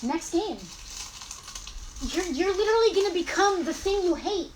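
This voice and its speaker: A woman in her forties with a high, bright-sitting voice hosts a live-stream sale of old toys. She talks in a chatty, rambling way and catches and corrects herself as she goes. A faint hiss sits under her voice. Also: lively intonation, moderate pace, poor audio. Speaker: host selling collectibles. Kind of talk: casual live-stream sales chat.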